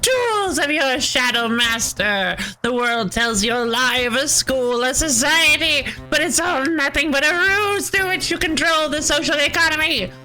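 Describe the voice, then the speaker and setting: A woman voicing a paranoid conspiracy ranter in a game, loud, theatrical and accusing. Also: sits high, animated, unhurried, few pauses, faint music behind, voice pushed up, exaggerated voice, low-quality recording. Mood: ranting. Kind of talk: voicing game characters on stream.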